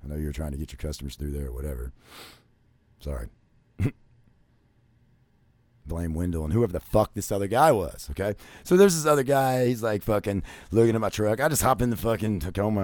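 Man, profane storytelling, constant swearing, rambling with fillers, loud bursts and low mutters, dry close sound. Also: animated, a little fast, no room sound. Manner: crude, swears constantly, many fillers like "you know". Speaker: vlogger.

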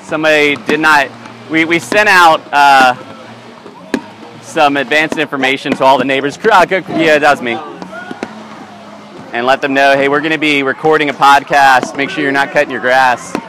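A man's voice: mid-range voice, fairly even intonation, background noise. A man hosting a casual podcast outdoors at a summer camp, joking around and interviewing people as he walks. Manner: playful, joking, quick asides. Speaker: podcast host. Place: outdoors at a camp, lawnmowers and kids nearby.

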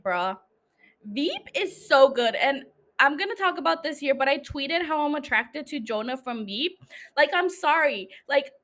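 A woman's voice: sits high, a bit bright. A young woman hosting a solo podcast, chatting casually, swearing freely and laughing often. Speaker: podcast host.

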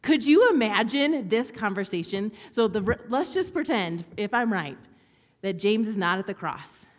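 A woman gives a sermon in a lively, conversational way and acts out the quoted lines with a mocking edge. Her voice sits at a middle pitch. The sound carries a long reverb, as if recorded in a large church hall. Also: normal speed. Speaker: pastor.

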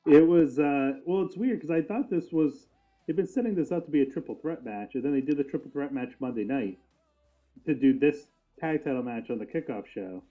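A man's voice: on the high side, a little fast, narrow, tinny audio, soft background music. A man co-hosting a casual wrestling podcast, joking around, laughing often and swearing casually over a remote call. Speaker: podcast co-host.

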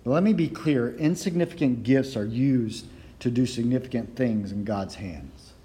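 A man preaching a sermon from the pulpit, excitable and storytelling, his words sometimes running together when he gets fired up. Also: mid-range voice, normal speed. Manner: storytelling with playful voiced quotes. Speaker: pastor. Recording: long hall reverb.

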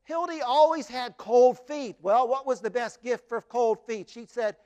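A man telling a story expressively, with dramatic pauses and emphatic repetition. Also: very high voice, darkish tone, smooth.

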